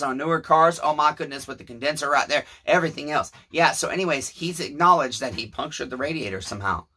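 A man in his thirties with a Southern US accent tells a story in a small shed, rambling between cussing and preaching. His voice is forceful with a husky edge. He speaks in a casual, animated way to his viewers. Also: on the high side. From Tennessee, US. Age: 30s. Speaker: channel host.

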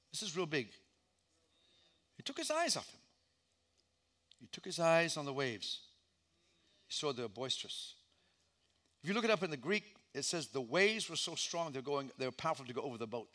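Dramatic male pastor preaching a sermon. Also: fairly high pitch. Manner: dramatic storytelling, acting out voices, swinging from shouts to hushed lines. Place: church.

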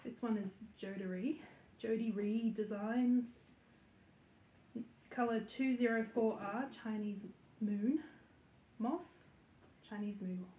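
Speaking slowly with long pauses, this woman has a fairly high but dark-toned voice. She chats and giggles to the camera in her home stitching room, hosting a relaxed flosstube vlog with plenty of ums and likes. Faint noise hangs in the echoey space.

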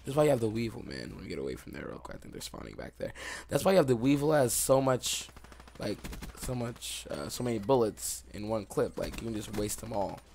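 A young man giving excitable live commentary over his own video game play, recorded on a desktop microphone at home. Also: fairly low pitch, a little fast, creaky, a little hiss or hum. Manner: excitable, reacts aloud to the game. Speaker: gaming YouTuber. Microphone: desktop USB mic.

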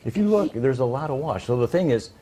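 A man's voice: mid-range voice, lively intonation, fast talker, dark tone. An older man with a Midwestern American accent, a credit union president talking loosely in an interview, full of restarts and dry jokes. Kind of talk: casual interview talk.

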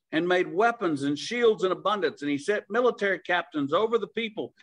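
Male preacher, high voice, church sermon, casual delivery, drawn-out emphasis on key lines. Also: a bit bright, rough recording. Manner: conversational, slows down to stress key phrases.

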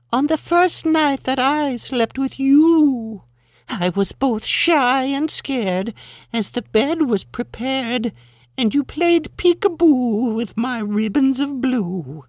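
Coy young woman reciting rhymes , a man putting her on; slow, dry and close. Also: very high voice, dry recording, pitched above the performer's own voice, heavily acted. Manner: sing-song rhyming recitation. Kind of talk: bawdy limerick reading.

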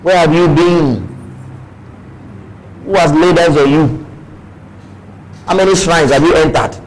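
Nigerian man preaching a lively sermon. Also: on the high side, measured pace, poor audio. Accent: Nigerian English. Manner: preaching with playful asides, acting out quoted voices. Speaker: pastor. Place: church.

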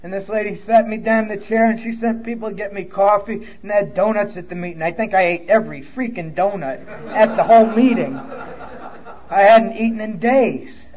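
A man with a high voice and a New York accent gives a personal recovery testimony in a conference hall, speaking at a moderate pace. He's candid and emotional and swears bluntly. The audio sounds dull.

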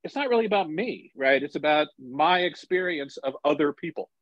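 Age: 60s. Sex: man. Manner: storytelling, raised pitch. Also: normal speed, dry recording. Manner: storytelling, animated, relaxed and reflective. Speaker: journalist and author, guest. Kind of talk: casual conversational interview. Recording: dull lo-fi sound, dry.

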